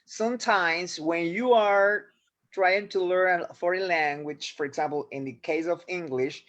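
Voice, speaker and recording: A man whose first language is Spanish, explaining a point with quick restarts in a casual online discussion. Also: high-pitched, a bit bright, highs cut off. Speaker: webinar participant. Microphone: video call.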